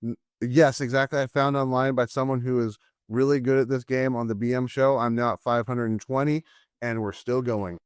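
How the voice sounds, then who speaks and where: A man's voice: medium pitch, steady tone, moderate pace, clear, resonant tone, no room sound, studio quality. A man at home co-hosting a casual movie-review show, easygoing and repeating words as he thinks aloud. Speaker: podcast co-host.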